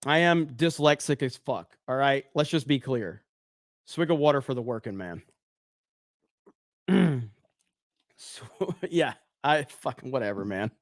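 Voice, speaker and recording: A livestream host from Alabama reads super chats while chatting in a casual, profane, rambling, self-mocking way with a Southern accent. His medium-pitched voice is expressive and a little slow, with long pauses. The sound is studio quality with no echo.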